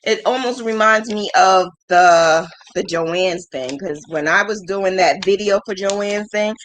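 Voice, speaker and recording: With a mid-range voice and measured pace, a female livestream host in her thirties rambles candidly with few pauses, laughing frequently and teasing herself. Slight background noise is audible.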